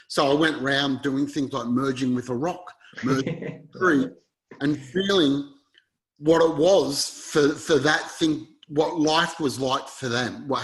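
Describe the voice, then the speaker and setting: A man's voice: mid-range voice, low-quality recording. A man telling a story as an interview guest, in an earnest, rambling way and acting out quoted dialogue.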